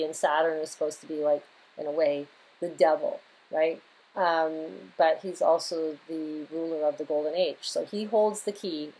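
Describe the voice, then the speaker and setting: Woman, lowish voice, rambling casual monologue, astrology channel host, lots of "right?" and "you know". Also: dark tone, low-quality recording.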